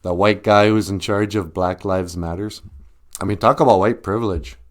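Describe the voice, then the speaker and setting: A man with a deep voice and fairly even intonation hosts a podcast at a moderate pace. His casual monologue is jokey and laugh-filled, with sung bits and sarcastic mock voices for anyone he quotes.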